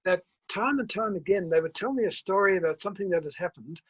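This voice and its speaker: Older aussie guy, kinda husky voice, tells stories slow and thoughtful in an interview. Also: sits high, a bit bright, poor audio. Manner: measured storytelling, tells anecdotes. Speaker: author and school principal, guest. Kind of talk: reflective interview conversation.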